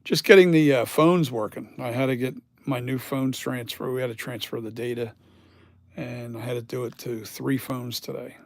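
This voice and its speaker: This mask maker is a tired man in middle age, rambling to viewers in a casual vlog he shoots on his phone in his home workshop. His mid-range voice sounds gravelly, with fairly even intonation and a normal pace. The audio is clean, studio-like and free of echo.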